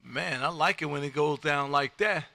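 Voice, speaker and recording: A man hosting a live ham radio stream from his home radio room, loud and folksy, calling CQ and repeating his phrases. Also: a little high, moderate pace, gravelly, noisy background. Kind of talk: calling CQ and chatting with contacts.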